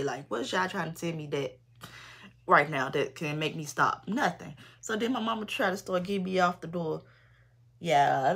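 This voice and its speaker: A young adult woman vlogger telling a personal story in an animated, slangy, emphatic way. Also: on the low side, gravelly, husky. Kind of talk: storytime vlog.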